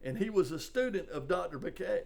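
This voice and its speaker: An older man, a police sergeant, telling a personal story in a halting, conversational way, full of "you know". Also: high voice, very animated, vocal fry, crowd noise. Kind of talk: storytelling in a podcast interview.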